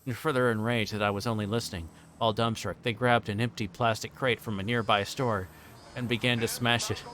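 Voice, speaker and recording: A man's voice: on the low side, steady tone, a little fast, a bit bright, a little hiss or hum. A male streamer reading a visual novel aloud on a livestream, narrating plainly with occasional stumbles and restarts.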